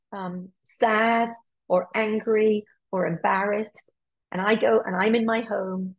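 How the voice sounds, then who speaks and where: A woman's voice: medium pitch, husky, poor audio. A woman child psychologist gives a webinar talk to parents on a computer mic, explaining her points and acting out example dialogues. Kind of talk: lecture to parents.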